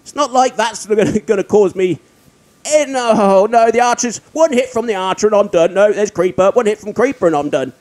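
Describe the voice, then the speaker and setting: Speaking briskly into a desk mic, this gaming video creator has a strikingly high yet darkish-toned voice. His let's-play commentary on his own gameplay is full of self-mockery, frequent chuckles and exasperated outbursts.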